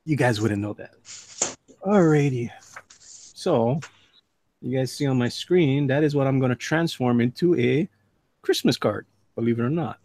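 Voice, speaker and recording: A man's voice: medium pitch, unhurried, pauses often, darkish tone. A man hosting a live drawing stream, chatting casually with call guests and reading chat messages aloud in a laid-back way. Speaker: livestream host and artist.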